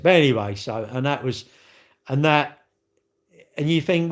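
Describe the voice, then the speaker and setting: A man's voice: on the low side, brisk. A British man in his fifties, a used car dealer, rambling bluntly and swearing in a casual live-stream chat.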